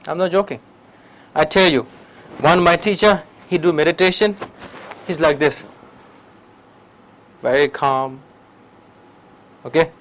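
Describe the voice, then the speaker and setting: A man's voice: a little high, measured pace, pauses often, poor audio. Tibetan-accented man teaching meditation. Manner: broken English, lively storytelling, frequent "okay?". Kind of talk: public dharma talk with questions. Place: lecture hall.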